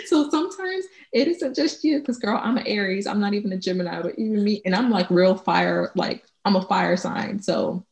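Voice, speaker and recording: A woman co-hosting a casual podcast chat, laughing often and animated when she acts out what others say, recorded at home. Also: mid-range voice, moderate pace, vocal fry, few pauses, roomy sound. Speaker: podcast co-host. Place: home with traffic noise outside.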